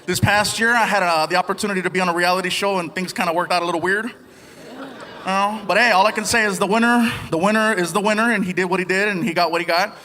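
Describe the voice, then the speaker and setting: A man performing an animated stand-up comedy set on a theater stage, telling stories and slipping into voices. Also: sits high, fast talker, big-room sound. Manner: animated storytelling with put-on voices. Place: theater stage before a live audience. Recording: live theater with loud crowd laughter.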